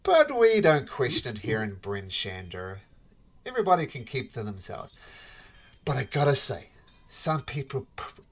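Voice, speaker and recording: A game master voicing a brisk dwarf shopkeeper woman. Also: mid-range voice, husky, heavily acted. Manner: brisk, bossy, folksy. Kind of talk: tabletop role-play voice.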